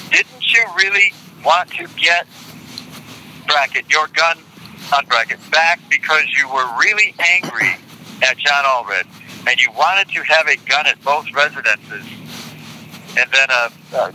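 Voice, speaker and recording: Older man with a very bright voice. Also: a little high, a little hiss or hum, poor audio. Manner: deliberate, indignant, repeats quotes for emphasis. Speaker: interview guest. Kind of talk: reading court transcript quotes aloud.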